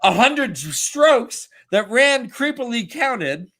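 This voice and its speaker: A man's voice: very high-pitched, very animated, slow, bright, forceful tone. A man hosting a casual book podcast, playful and rambling as he recaps chapters. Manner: playful and rambling, acts out characters. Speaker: podcast host.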